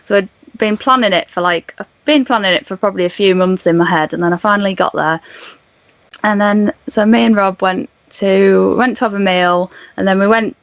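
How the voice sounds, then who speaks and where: A woman's voice: medium pitch, brisk, dry recording. A young woman guest on a podcast, telling a story casually and animatedly, laughing and acting out the dialogue. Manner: animated, laughing, acts out dialogue in her retelling.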